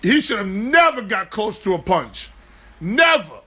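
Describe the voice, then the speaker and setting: A man hosting a live sports talk show, animated, joking loosely and swearing freely. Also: high voice, unhurried, husky. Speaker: host.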